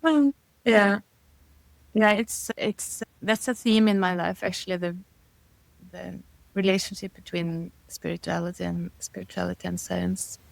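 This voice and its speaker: Creaky-voiced thoughtful woman, dry sound. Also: fairly low pitch, steady tone, a little slow, no echo, low-quality recording. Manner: thoughtful, searching for words, laughing between thoughts. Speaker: guest. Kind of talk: casual interview conversation.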